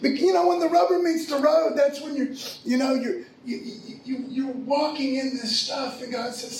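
A man's voice: very high voice, fairly even intonation, moderate pace, hardly any pauses, a little hiss or hum. A middle-aged man preaching a sermon, telling a personal story in a loose, slangy, conversational way. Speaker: pastor. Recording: echoey room from far off.

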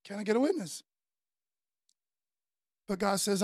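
A gravelly, husky man. He talks like he's chatting with friends, swinging from loud calls to hushed asides. The sound is dry and close. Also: very high-pitched, very animated, measured pace, pauses often, dry recording. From Florida, US. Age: 50s. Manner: conversational preaching, says "man" often, swings between loud and soft. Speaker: pastor. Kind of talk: sermon.

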